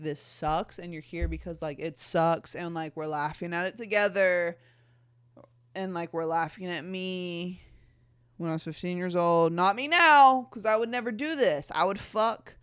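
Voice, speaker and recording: Young woman podcast host; snarky, giggly commentary with swearing; dry close mic, very animated delivery. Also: fairly low pitch, no room sound. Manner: sarcastic, giggly, swears freely. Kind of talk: casual reading and commentary.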